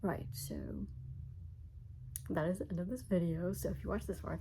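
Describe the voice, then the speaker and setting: Young female vlogger, self-mocking chatter, low gravelly voice. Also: steady tone, moderate pace, long pauses, mellow, slight background noise, low-quality recording. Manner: rambling and self-mocking, often laughing. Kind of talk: casual chat to camera.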